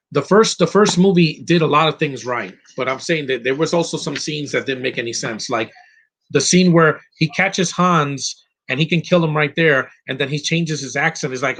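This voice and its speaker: A man's voice: a little high, normal speed, creaky, a bit bright. A man giving casual live commentary over a film, opinionated and rambling, with frequent fillers and restarts. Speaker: movie commentary host.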